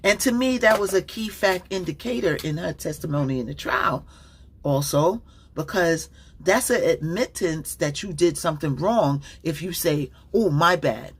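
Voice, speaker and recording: A woman's voice: lowish voice, moderate pace, breathy edge. A woman commenting casually on a livestream, rambling and distracted, with many fillers and restarts.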